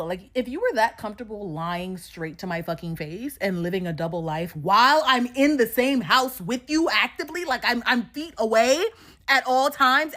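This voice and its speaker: A woman recapping a reality show in a casual, sassy, animated way, swearing freely and laughing often. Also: a little high. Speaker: recap vlogger.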